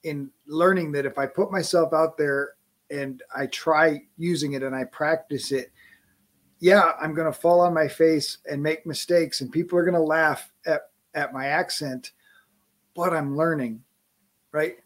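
A man's voice: fairly high pitch, steady tone, a little slow. A man hosting a business podcast, talking in an encouraging, reflective, conversational way. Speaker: podcast host. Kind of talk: podcast interview.

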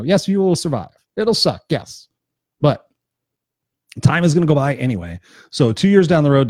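This man's mid-range voice is husky and somewhat dark. He hosts a live stream where he speaks off the cuff to motivate, swearing without restraint and repeating himself for emphasis, in a clean studio recording free of echo.

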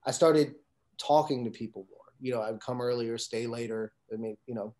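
A man's voice: medium pitch, moderate pace, dark tone. A man telling a story in casual conversation, acting out quoted dialogue with lots of fillers. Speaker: guest telling his career story.

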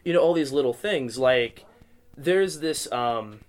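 A man's voice: medium pitch, animated, a little slow. A man being interviewed as a guest wrestler, talking casually and rambling with many filler words.

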